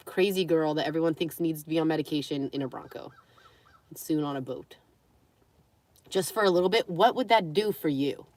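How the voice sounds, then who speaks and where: A woman's voice: low voice, no echo. A young woman chatting casually on a live stream, with a runny nose, who slips into cooing baby talk with her dogs.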